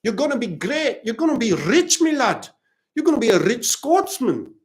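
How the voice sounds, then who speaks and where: A man playing a hearty Scotsman in a jolly, pushed-up high voice and a mock Scottish accent. He cheers a young lad on with broad encouragement, and he sounds a touch farther from the mic than usual. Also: sing-song, normal speed.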